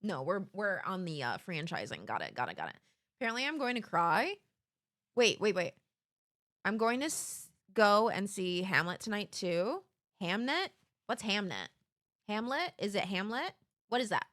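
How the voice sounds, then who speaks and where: A woman in her twenties streaming live, chatting casually to her audience in a rambling, giggly way with sudden excited outbursts. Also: medium pitch, normal speed, dry recording, studio quality.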